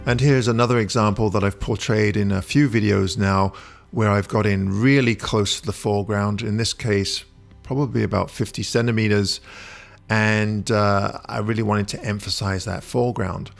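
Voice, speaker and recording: A man with a low, gravelly voice talks through a photography lesson. He explains calmly and stops often for a thoughtful "uh", with soft music playing underneath. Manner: relaxed, explanatory, with frequent "uh" pauses. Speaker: photography instructor. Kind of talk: voice-over tutorial.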